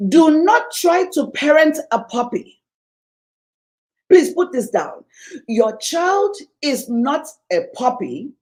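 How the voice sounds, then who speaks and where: A woman's voice: high voice, sing-song, takes it slowly, a little mellow, low-quality recording. A woman speaking as a parenting coach at a conference, emphatic and preachy, repeating her key lines and acting out parents and children. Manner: acts out parents and children in quoted voices. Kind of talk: motivational conference talk. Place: conference venue.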